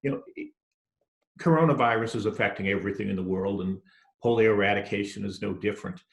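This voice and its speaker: A man who chairs a committee gives an update on a livestream, speaking in a measured way with hesitations. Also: lowish voice, creaky, echoey room.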